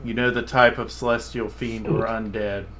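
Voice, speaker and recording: A man's voice: fairly low pitch, level tone, moderate pace, a bit bright, slight background noise. A man narrating as game master of a tabletop game, rambling and correcting himself as he goes.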